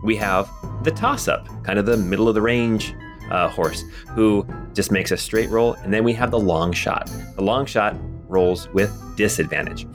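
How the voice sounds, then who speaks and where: A man's voice: lowish voice, normal speed, music in the background. Laid-back male game master. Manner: relaxed, chatty, many fillers. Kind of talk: narrating and explaining a tabletop game.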